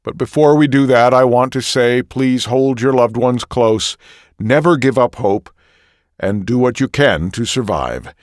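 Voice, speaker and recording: A solemn male news anchor, played by a man in an audio drama, delivering a measured, formal broadcast. His voice sits at an ordinary middle pitch. The sound is close and dry, with no room around it. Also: dry recording, close to an everyday voice.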